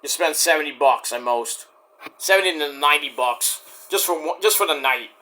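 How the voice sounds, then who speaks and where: Man in a casual rant vlog, rambling and profane, bright higher voice. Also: normal speed. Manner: rambling, profane, many restarts. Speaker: vlogger.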